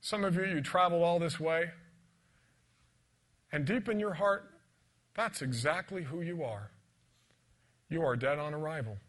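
Bright-voiced man preaching with dramatic swings. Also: a little high, measured pace, pauses often. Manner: dramatic storytelling, dropping to whispers and rising to loud emphasis. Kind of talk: sermon with personal testimony.

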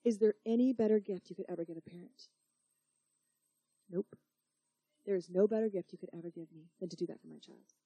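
A woman voicing God as a loving father who asks her calm, searching questions. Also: medium pitch, a little fast, long pauses, husky, dry recording, muffled recording, voice pushed down. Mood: tender.

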